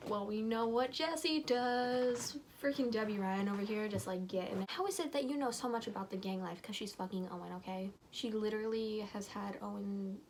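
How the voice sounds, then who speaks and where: A woman's voice: medium pitch, normal speed, hardly any pauses, slight background noise. Snarky woman reading a story aloud. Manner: snarky, giggly asides, loose slangy delivery. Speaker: YouTuber reading stories aloud. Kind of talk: casual read-aloud with sarcastic commentary.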